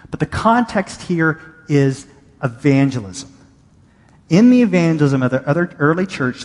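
A man's voice: fairly high pitch, in a large hall. A male pastor giving a conversational sermon, reading and paraphrasing scripture with emphasis.

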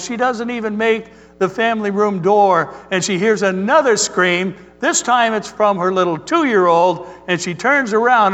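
Pastor, male, high voice, earnest measured sermon delivery, hall reverb. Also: a bit bright. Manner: storytelling, earnest and measured preaching.

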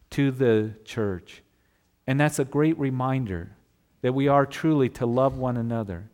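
A male pastor preaches conversationally, posing rhetorical questions to his listeners. His voice is medium-pitched and a little mellow.

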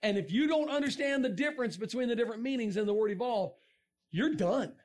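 A middle-aged man giving a lively creationist talk to a young audience, joking and asking the crowd questions. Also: very high-pitched, fast talker. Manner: animated, asks the crowd questions, jokes. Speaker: creationist speaker.

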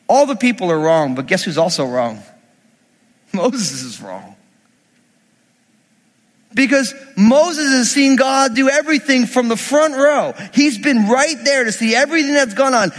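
A man with a very high-pitched voice preaches a sermon, reading scripture and explaining it while acting out quotes from the story's characters in an animated way. A long reverb tail trails his words.

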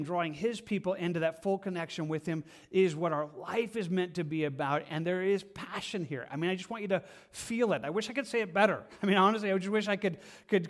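Pastor guy preaching from the church stage, kinda high voice, super earnest, keeps restarting his sentences. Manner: earnest and impassioned, with frequent halting restarts. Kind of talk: verse-by-verse sermon.

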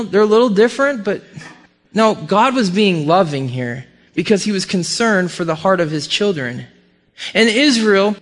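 A man preaching a sermon to a congregation, animated and conversational, asking his listeners questions. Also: high voice. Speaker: pastor; parent.

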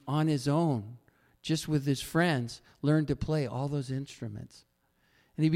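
A man preaching a sermon as pastor, telling stories with animated swings and sudden loud peaks. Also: on the high side. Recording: long reverb of a large hall.

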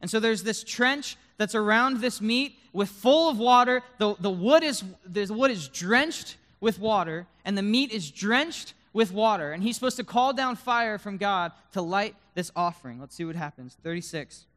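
Man, sermon, fairly high voice, swings from loud bursts to hushed tones, dramatic scripture reading. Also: animated, normal speed, few pauses. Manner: reads scripture aloud with dramatic emphasis. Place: room with a live audience.

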